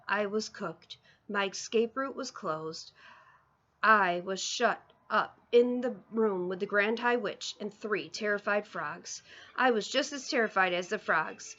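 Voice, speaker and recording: A woman reading a children's book aloud, expressive, with small slips and restarts. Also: mid-range voice, a little slow, highs cut off. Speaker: reader. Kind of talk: storybook read-aloud.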